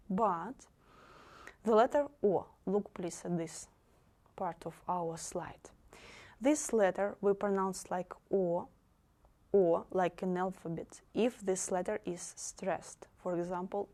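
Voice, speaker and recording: A woman with a Russian accent explains a language lesson at an unhurried, deliberate pace. Her pitch sits in a middle range, and she repeats example words carefully for her students. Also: a little mellow. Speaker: language teacher.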